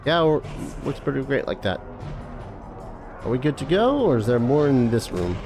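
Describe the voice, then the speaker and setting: A man casually commenting on a game he is playing, excitable and quick to swear at setbacks. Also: medium pitch, faint music behind. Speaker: streamer playing a video game.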